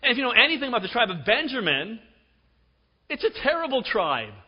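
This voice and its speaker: A middle-aged man preaching a sermon, telling stories with emphasis and dropping to a hush for effect. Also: extremely high pitch, big pitch swings, fairly quick, breathy edge. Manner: storytelling, emphatic, with dramatic drops to a hush. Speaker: pastor. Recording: dull recording with long hall reverb.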